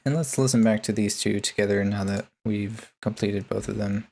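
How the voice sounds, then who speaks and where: A man with a low, gravelly voice walks through his mixing chain in a relaxed tutorial. He speaks in a flat, even tone and fills his pauses with ums and uhs. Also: background noise. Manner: laid-back, many ums and uhs. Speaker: music producer. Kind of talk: casual tutorial narration.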